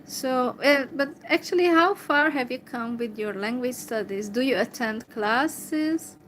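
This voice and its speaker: A Hungarian woman talking to camera in English with a Hungarian accent, replying to a viewer slowly and hesitantly, with many fillers. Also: high voice, a bit bright, slight background noise, poor audio. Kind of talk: casual talk to camera.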